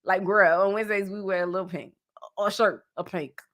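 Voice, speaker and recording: A woman from New Jersey hosting a casual pop culture podcast, animated and playful, sometimes slipping into jokey made-up song parodies. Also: mid-range voice, fairly quick. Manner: animated, playful, breaks into sung parody bits. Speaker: podcast host.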